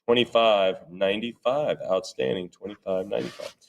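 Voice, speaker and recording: A man's voice: lowish voice, creaky. Joking man calling an auction. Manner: rapid repetitive bid chant with joking asides. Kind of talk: live auction bid calling.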